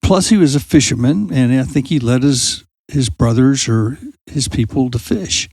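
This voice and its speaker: A man hosting a youth ministry podcast, telling a Bible story with lively energy and acting out quoted lines in a raised voice while putting questions straight to his listeners. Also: mid-range voice, moderate pace, slightly rough, dry recording. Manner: animated storyteller who acts out quoted lines loudly; asks listeners direct questions. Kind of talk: conversational faith talk.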